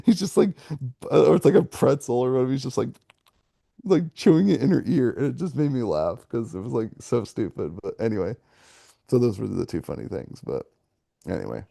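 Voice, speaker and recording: A man's voice: mid-range voice, vocal fry, dark tone, no room sound, clean studio sound. A man co-hosting a movie podcast, chatting casually and rambling, laughing often between his thoughts. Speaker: podcast co-host. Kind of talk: casual movie review chat.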